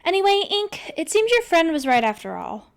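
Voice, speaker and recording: A woman's voice: very high voice, big pitch swings, normal speed, pitched above the performer's own voice, exaggerated voice. A woman reading a wry game contestant. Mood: dry.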